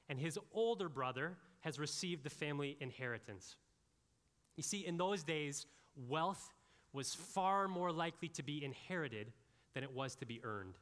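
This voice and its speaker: Bright-voiced pastor preaching in a reverberant hall. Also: male voice, fairly high pitch. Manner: animated, conversational preaching with asides to the congregation. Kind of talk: sermon.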